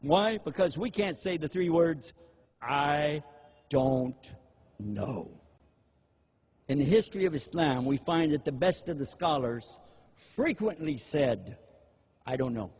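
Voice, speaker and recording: A man's voice: fairly high pitch, normal speed, slight background noise. A man giving a sermon-style talk, telling stories with animation and acting out people's words. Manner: animated storytelling, acting out quotes. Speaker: preacher.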